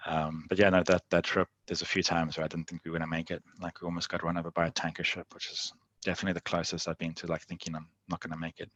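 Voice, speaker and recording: A man's voice: sits low, completely flat delivery, racing, a bit bright, no echo, highs cut off. A man guest telling adventure stories in a casual interview, chatty, with frequent laughs. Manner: laughs often while recounting stories; loose, chatty phrasing full of "like". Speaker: guest, endurance athlete.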